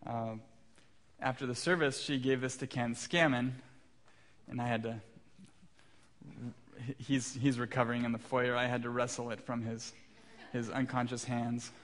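Pastor dad telling a sermon story. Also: male voice, medium pitch, level tone, unhurried. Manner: warm storytelling with self-deprecating humor. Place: church sanctuary.

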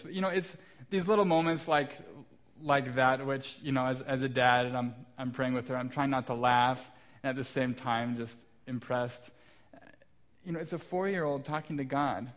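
A man's voice: medium pitch, steady tone, moderate pace. A man in his thirties, a pastor preaching a sermon in a church, telling stories about his young kids with light self-deprecating humor. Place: church sanctuary.

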